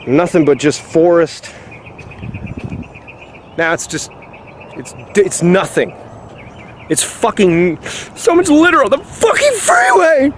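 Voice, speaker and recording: A man's voice: on the high side, a little mellow, a little hiss or hum. Foul-mouthed man ranting on a walk. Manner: profane, exasperated ranting. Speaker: vlogger. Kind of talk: walk-and-talk vlog rant. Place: outdoors on a rural trail among fields.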